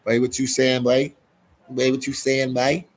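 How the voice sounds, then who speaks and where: A man's voice: mid-range voice, flat delivery, a little slow, natural voice. A man voicing a teasing, friendly Bahamian man with a Bahamian accent.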